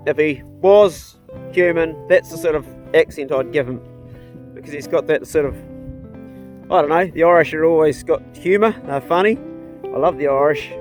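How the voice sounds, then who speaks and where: A middle-aged man from New Zealand chatting casually outdoors on his farm, folksy and rambling, talking to his dogs. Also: on the high side. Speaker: vlogger and hunter. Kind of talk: casual outdoor vlog chat.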